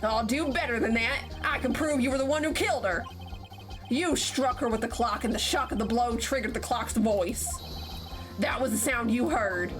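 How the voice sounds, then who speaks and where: A woman streaming a game live, reading the dialogue aloud in a playful, giggly way with quick asides, over game music. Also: a little high.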